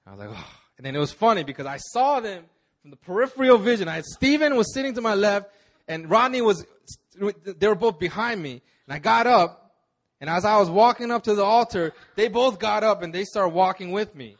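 A man's voice: sits high, expressive, fairly quick. A man in his thirties, a pastor, telling his own story in a sermon in a casual, slangy way with many restarts. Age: 30s. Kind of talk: sermon testimony.

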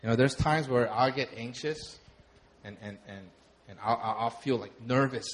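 A young adult man preaching a sermon, talking conversationally, with animated storytelling and laughter. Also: medium pitch, moderate pace, slightly rough. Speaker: pastor.

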